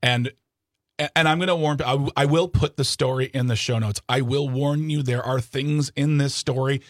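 A man's voice: medium pitch, fairly even intonation, normal speed, dry recording, clean studio sound. A man co-hosting a political discussion podcast, talking earnestly and rambling with frequent restarts. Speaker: podcast co-host.

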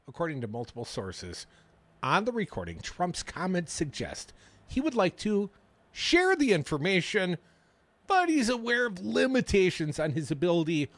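A man's voice: on the high side, no room sound. A male radio talk show host, bantering and reading news stories with sarcastic asides in a studio. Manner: wisecracking, reads news items aloud with sarcastic asides. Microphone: studio microphone.

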